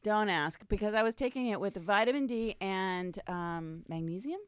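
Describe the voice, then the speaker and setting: A woman's voice: mid-range voice, moderate pace, clear, resonant tone, no echo. Woman talk show host, chatty and giggly, mid-range voice, dry studio sound. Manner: giggly, chatty, jumps in with quips. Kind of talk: casual chat. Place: radio studio.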